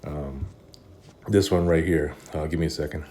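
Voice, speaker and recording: A man's voice: rumbling low, steady tone, normal speed, darkish tone, a little hiss or hum. A man talking casually in a vlog, weary and rambling, with many fillers and restarts, and eating between sentences. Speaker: vlogger.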